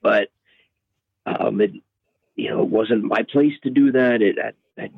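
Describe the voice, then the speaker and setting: A man calling in, reflecting hesitantly with many pauses and fillers, heard over a phone line. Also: lowish voice, gravelly, no echo. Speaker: guest on a call. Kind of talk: reflective remembrance.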